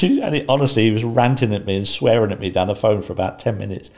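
A man in his fifties, a guest in an interview, calmly telling stories and laughing often. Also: lowish voice, quick pace. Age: 50s. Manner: calm, laughs often while telling anecdotes. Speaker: guest, former footballer and pundit. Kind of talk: casual interview storytelling.

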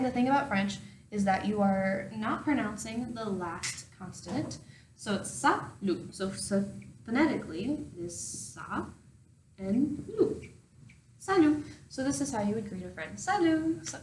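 A woman's voice: medium pitch, distant mic. Young woman, chatty step-by-step lesson, wry asides; roomy, off-mic sound with faint hum. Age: young adult. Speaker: language teacher. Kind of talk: casual spoken lesson.

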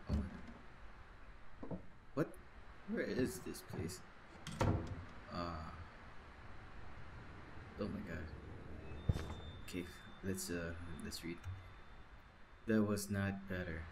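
Scared guy rambling through a horror game, throat sore from yelling, talks slow, noisy mic. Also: on the low side. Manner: jumpy, nervous, shrieks and gasps when scared; rambling, jokey self-talk to viewers. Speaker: game streamer.

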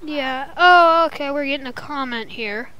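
A young woman with a high, light voice co-hosts a homemade podcast. She chats casually, giggles often and teases her co-host in a playful, joking way. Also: normal speed, pushed and bright. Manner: giggly, playful, trades silly jabs. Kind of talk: casual chat.

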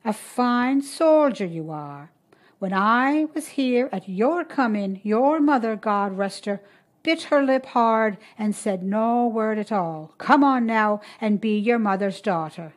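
Woman doing a brisk midwife. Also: on the high side, animated. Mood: firm, soothing. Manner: brisk, soothing, firm. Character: calm, brisk middle-aged Irish midwife, kindly but firm.

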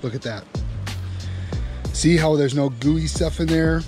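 A man's voice: a little high, measured pace, mellow. A man hosting a fishing and cooking channel, chatting through a casual cooking demonstration and talking straight to the viewer with instructive tips. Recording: music playing underneath.

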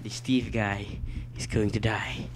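A man giving let's play commentary at his computer, excitable and quick to shout and swear at the game. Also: lowish voice, faint music behind. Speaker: gameplay commentator.

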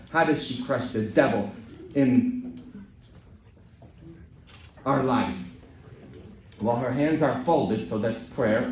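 A man from Poland, a Catholic priest, delivering a sermon with jokes and frequent questioning "huh?" asides, moving from quiet talk to loud, emphatic lines. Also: medium pitch, far from the mic, a little hiss or hum. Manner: preaching and joking, often ending lines with a questioning "huh?". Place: large church. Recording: echoey church heard from afar.

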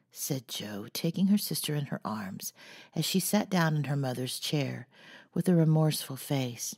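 A woman narrating an audiobook in a soft, measured way, sometimes nearly whispering, with a husky voice. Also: sits low, animated. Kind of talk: audiobook reading.

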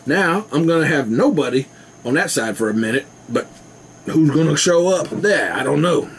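A man's voice: a little high, lively intonation, moderate pace, a little hiss or hum. A man rambling casually to his camera at home, laughing often. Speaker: vlogger. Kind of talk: casual rambling video chat.

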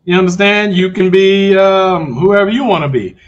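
A man coaching viewers in a casual, animated talk, often checking they follow along. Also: sits high, moderate pace, muffled recording. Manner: animated, talks straight to viewers with repeated check-ins. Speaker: online business coach. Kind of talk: casual livestream pitch.

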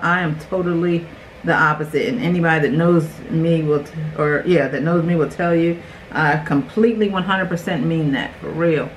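A woman's voice: deep voice, slight background noise, rough recording. A woman in her forties chatting directly to her viewers while doing a makeup tutorial at home. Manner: chatty, talks straight to viewers. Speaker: beauty vlogger.

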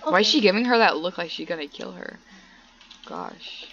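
A woman's voice: fairly low pitch, fast talker, fairly bright tone, highs cut off, a little hiss or hum. A young woman hosting casual gameplay commentary, giggly and chatty, bossing her characters around. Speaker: gaming channel host. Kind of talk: casual let's-play commentary.

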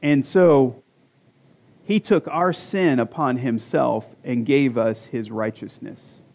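A pastor in his forties preaches a conversational sermon in a church sanctuary, cracking self-deprecating jokes and posing rhetorical questions to the congregation. He speaks slowly at medium pitch, with vocal fry and a darkish tone.

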